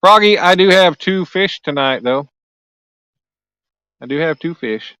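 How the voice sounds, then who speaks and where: A man's voice: a little high, animated, a little slow, pushed and bright, smooth, no room sound, soft background music, low-quality recording. A man hosting a casual live stream outdoors by a lake at night, chatting easily and joking as he reads and answers viewer comments aloud. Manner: joking, easygoing. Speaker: livestream host.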